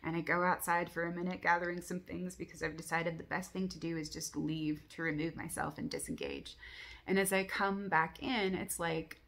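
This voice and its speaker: A woman's voice: on the low side, animated, moderate pace, vocal fry, fairly bright tone. A woman recounting a dream from her journal, blunt and candid with frequent swearing, intense and reflective.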